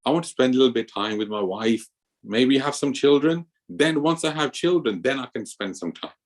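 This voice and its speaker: A man's voice: medium pitch, lively intonation, a little fast, voice pushed up, lightly acted. A man voicing a young male disciple who keeps pleading for more time. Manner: whiny, pleading, piling up excuses.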